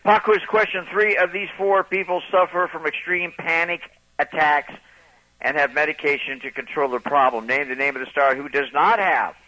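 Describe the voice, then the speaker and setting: Guy doing showbiz news on radio, bright sharp voice, laid back, angling for freebies. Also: fairly high pitch, steady tone, moderate pace, poor audio. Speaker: entertainment reporter calling in. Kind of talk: casual radio chat.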